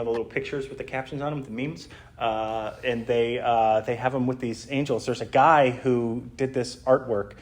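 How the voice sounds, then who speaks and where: A man's voice: mid-range voice, darkish tone. A man preaching a sermon, teaching in a conversational way with many fillers and restarts. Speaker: pastor.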